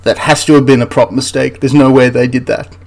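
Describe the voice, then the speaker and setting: A man's voice: medium pitch, steady tone, fairly quick, vocal fry, a little mellow. A man hosting a history channel, ranting through a film critique in an exasperated, rambling way with frequent restarts.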